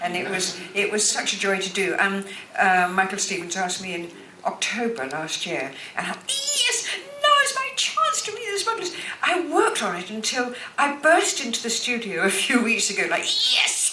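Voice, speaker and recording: Older woman, guest at a live stage Q&A, lively swooping voice, echoey hall with noise behind. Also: mid-range voice, normal speed, hardly any pauses. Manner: chatty, animated anecdotes with restarts. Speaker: guest actress.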